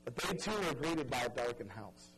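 A man preaching a sermon, telling a story dramatically and pleading earnestly with his listeners, dropping soft and stretching key words for emphasis. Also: medium pitch, very animated, moderate pace, slightly rough, poor audio. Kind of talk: evangelistic sermon.

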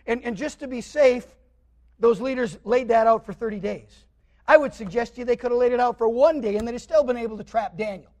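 High-voiced preacher animatedly retelling a story. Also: male voice, brisk. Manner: animated, voices the characters in the story, swings between loud and quiet. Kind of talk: sermon retelling a scripture story.

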